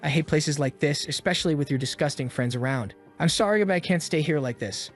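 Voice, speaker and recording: A proud teenage girl, once queen of her class, who speaks curtly and defiantly, read by a man in a comic recap. The reading keeps his own fairly high voice. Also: fairly quick, soft background music, lightly acted. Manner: curt, defiant.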